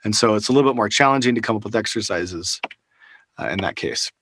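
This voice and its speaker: A workshop instructor teaches a live online session over a video call, speaking casually with fillers and restarts into a close-up studio microphone. His voice is lowish and a bit bright, and he talks quickly.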